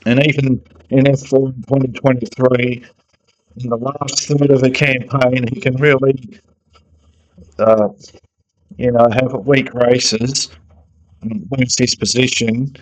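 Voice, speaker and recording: A man talking through his views on a racing season in a relaxed, conversational monologue. His voice sits at an everyday middle pitch, and he sounds opinionated as he works out his thoughts aloud. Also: slow pace, long pauses, rough recording. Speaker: motorsport fan commentator. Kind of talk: casual sports analysis monologue.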